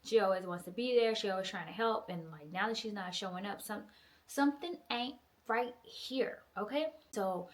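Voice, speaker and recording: Animated profane woman recapping a book. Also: medium pitch. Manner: animated, profane, acts out characters' lines. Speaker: book reviewer. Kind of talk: casual book review recap.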